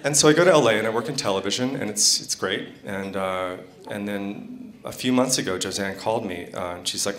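A man's voice: on the low side, fairly quick, hardly any pauses, a bit bright. A man candidly telling a rambling personal story on stage at a live storytelling event, with many fillers and restarts.

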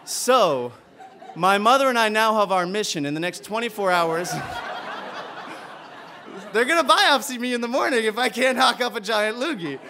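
High-voiced man telling a stage story. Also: moderate pace, long pauses, background noise. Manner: animated, comic, builds to heartfelt. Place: theater stage before an audience.

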